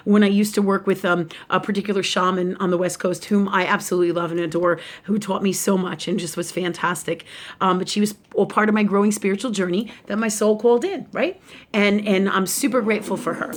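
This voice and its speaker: A woman in the middle of a casual live video talk on spiritual matters. She rambles, restarts her sentences and speaks frankly, with casual swearing. Her pitch sits in an ordinary middle range. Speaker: spiritual teacher and shop owner.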